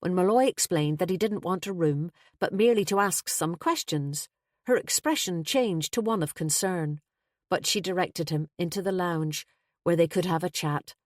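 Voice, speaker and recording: A woman reading a first-person mystery novel aloud as audiobook narrator, in a steady, measured way. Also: on the low side, dry recording, clean studio sound.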